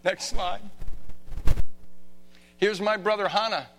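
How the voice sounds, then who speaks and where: A man's voice: high-pitched, steady tone, slow pace. Impassioned male preacher in a reverberant hall. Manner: dramatic, swinging from quiet to shouting. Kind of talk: sermon. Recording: long reverb of a hall, faint hum.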